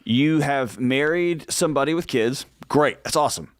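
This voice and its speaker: A man's voice: mid-range voice, moderate pace, dry recording. Direct man on a radio show. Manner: direct, animated, acts out heartfelt pleas in a hushed voice. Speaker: co-host answering listener questions. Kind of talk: radio advice show talk.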